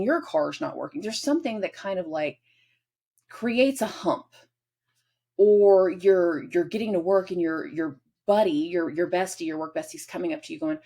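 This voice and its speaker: A woman's voice: on the low side, lively intonation, a little mellow. A woman hosting a casual astrology forecast, rambling and acting out little everyday scenes. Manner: rambling, acts out little scenes in quick voices. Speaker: astrology host.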